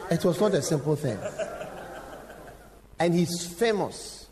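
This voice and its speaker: A man preaching a sermon, telling stories with sudden shouts, acted quotes and direct questions to the congregation. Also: fairly high pitch, expressive, slow, a crowd in the background. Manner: engaging the audience with direct questions. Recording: long hall reverb, faint background noise.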